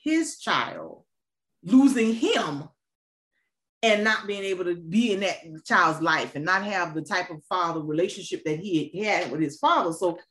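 Woman host, casual chat, lively swooping voice, laughs easily. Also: unhurried. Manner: animated, laughs easily, expressive pitch swings. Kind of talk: casual conversation.

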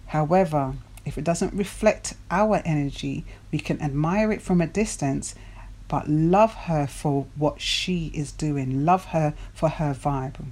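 A woman's voice: low voice, a little mellow. A woman coach giving a motivational talk to her viewers, posing rhetorical questions and repeating key words for emphasis. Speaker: dating and self-development coach.

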